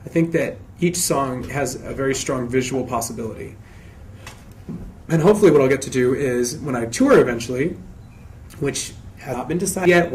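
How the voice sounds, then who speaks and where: Male singer, mid-pitched, casual fan Q&A: reads the questions himself and answers chattily, with frequent restarts. Faint background hiss. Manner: chatty and expressive, often restarting sentences. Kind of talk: casual live Q&A, reading questions aloud.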